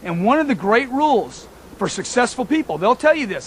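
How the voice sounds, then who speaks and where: A man's voice: very high voice, sing-song, a little fast, slight background noise. A man giving a motivational talk, emphatic and repetitive, speaking straight to his listeners as folks.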